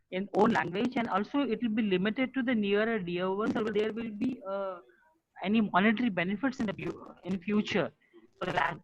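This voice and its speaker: A man's voice: high-pitched, a bit bright. A man asks a question over a video call. He hesitates a lot and restarts his sentences. The audio sounds dull and muffled. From India. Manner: hesitant, many fillers and restarts. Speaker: training manager asking a question. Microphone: computer mic on a video call.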